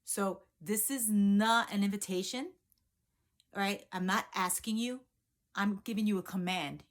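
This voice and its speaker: A woman's voice: medium pitch, measured pace, lightly acted. Woman reading as an insistent, commanding brother. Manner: firm, commanding. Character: man, an insistent older brother writing a letter.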